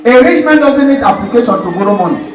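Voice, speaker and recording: A man preaches in a high, urgent voice and keeps drawing call-and-response from the congregation. He sounds a little distant from the mic in an echoey church hall. Faint background noise sits under the recording. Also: lively intonation, quick pace. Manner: emphatic call-and-response preaching, prompting replies. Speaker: pastor. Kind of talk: sermon. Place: church service.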